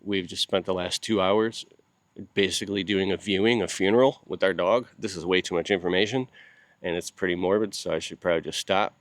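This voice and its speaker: A man hosting his video channel, talking casually to the camera. He is grieving and short on sleep, and he speaks in a halting way, with long pauses and repeated words. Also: deep voice, steady tone, no room sound. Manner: grieving and heartfelt. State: sleep-deprived.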